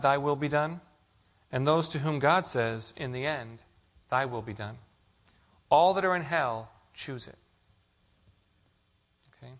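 A male pastor delivers a sermon in a voice pitched a little above the usual for men. He leans on rhetorical questions and tells stories to carry his points. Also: fairly bright tone. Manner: preaching with rhetorical questions and storytelling.

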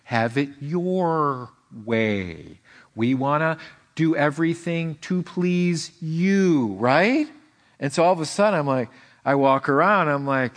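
Husky animated male preacher. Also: medium pitch, moderate pace. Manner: animated, repeats words, acts out quotes. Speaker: pastor. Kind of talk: sermon.

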